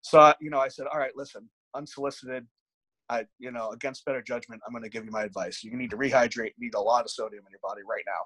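In a rough recording without echo, a man with a medium-pitched, fast voice and a breathy edge tells frank stories on a casual podcast. He's a bodybuilding coach who swears liberally and animates his anecdotes with quoted dialogue.

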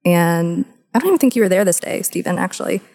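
A woman's voice: fairly low pitch, expressive, quick pace, darkish tone. A woman co-hosting a casual talk, telling open personal stories with easy laughs and lots of "like" fillers. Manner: candid storytelling, laughs easily, many "like" fillers. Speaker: podcast co-host. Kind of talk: casual discussion.

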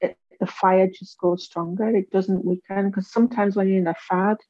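Her voice warm and her tone level, a guest in her forties speaks at a moderate pace while candidly recounting her life story in an interview. She imitates others with big jumps in pitch. The recording is dry with dull audio.

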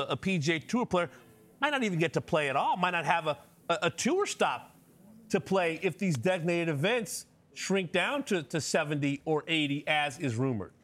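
Man, sports host, brisk, moderated tone, higher voice. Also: fairly bright tone. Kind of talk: studio sports discussion.

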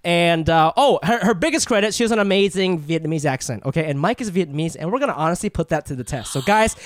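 Male co-host, high lively voice, rapid chatter, laughs a lot. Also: no echo, studio quality. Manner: excitable, laughs often, stammers and repeats. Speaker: podcast co-host. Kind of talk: casual podcast chat.

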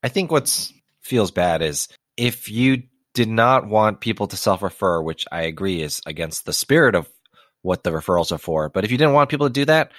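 A podcast co-host with a lowish, fairly bright voice chats casually and tosses in wry, joking asides. The audio is studio quality with no room sound.

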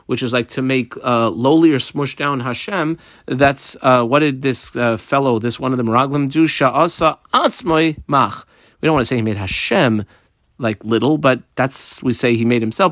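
A man's voice: mid-range voice, a bit bright, dry recording, studio quality. Man teaching a Talmud class. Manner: explains text phrase by phrase, mixing Hebrew and English.

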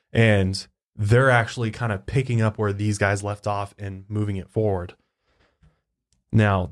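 A man's voice: on the low side, gravelly. A man co-hosting a podcast, talking in a loose, rambling way and swearing casually. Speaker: podcast co-host.

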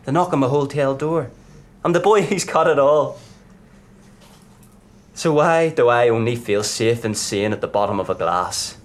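A man's voice: mid-range voice, normal speed, long pauses, natural voice. A man playing a hard-drinking 24-year-old footballer star tormented by fame, in a live stage play performed in a pub. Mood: boastful bitter. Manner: bitter, self-mocking, brooding.

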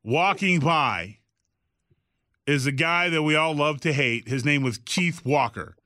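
A middle-aged man telling a story in a casual, animated way, acting out the voices of the people in it and swearing freely. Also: a little high, measured pace, no echo, clean studio sound. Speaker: guest telling a backstage story.

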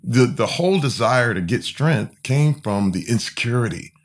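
A man from Flint, Michigan, talks at an ordinary middle pitch as a podcast guest. His delivery is candid and emphatic. He often circles back, restarts his sentences and leans on fillers while he tells his story. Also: lively intonation, moderate pace. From Flint, Michigan, USA.

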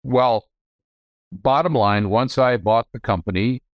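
A man's voice: medium pitch, unhurried, no echo, lo-fi sound. An older man guests on a podcast and tells stories from his family business in a frank, meandering way, often correcting himself mid-sentence. The recording is dry and close, with no room sound. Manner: rambling, self-correcting, frank. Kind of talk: candid storytelling.

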